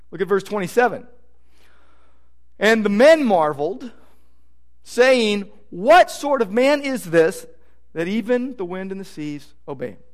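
A man preaching a sermon as pastor, emphatic, repeating phrases and swinging from loud declarations to hushed asides. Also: high-pitched.

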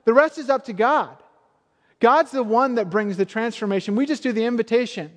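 A man's voice: extremely high pitch, fairly quick. A man, a pastor, giving a sermon with earnest, conversational storytelling. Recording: long hall reverb.

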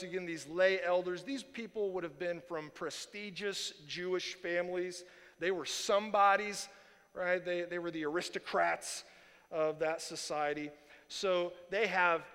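A man's voice: high voice, in a large hall. A man preaching a sermon as pastor, talking casually with fillers and acting out the voices of others. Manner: animated, acts out quoted voices, casual fillers.

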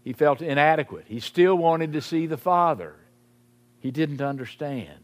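A man preaching a sermon in a slow, emphatic way, sinking his voice low on key phrases. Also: animated. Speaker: pastor.

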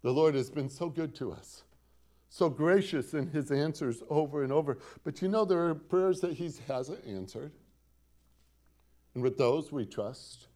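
Speaking unhurriedly in a dark, fairly high voice, a pastor gives a sermon. He dramatizes scripture quotations with mounting emphasis, repetition and rhetorical questions aimed at the congregation.

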